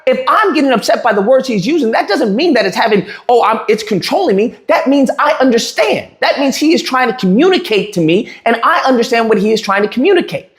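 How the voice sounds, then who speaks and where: A man's voice: very high voice, expressive, fast, fairly bright tone. A man casually retelling a heated argument, acting out the quoted lines with frequent restarts. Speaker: streamer telling a story. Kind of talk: casual storytelling rant. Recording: echoey room.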